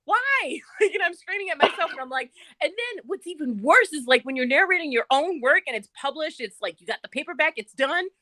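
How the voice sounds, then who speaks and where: A high, bright-voiced woman talks shop as a writer and audiobook narrator. She is animated and profane, and laughs between sentences. The sound is dry and close. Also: fast talker, few pauses, dry recording. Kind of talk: casual chat.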